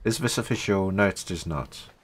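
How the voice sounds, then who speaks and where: A man from Britain on a live game stream, chatting and answering viewers' questions between pauses. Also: deep voice, husky. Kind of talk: live gameplay stream, reading chat.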